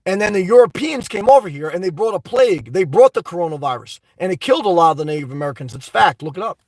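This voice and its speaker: High-voiced man ranting on a live stream. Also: quick pace, dry recording, rough recording. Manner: excitable, cursing, rambling with many fillers. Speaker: livestream host reading viewer chat.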